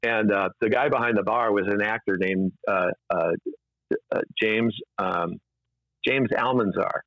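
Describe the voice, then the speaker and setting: A man's voice: on the low side, a little slow, no echo. A man, an interview guest, telling rambling anecdotes casually with many fillers and restarts, in a dull, dry lo-fi recording.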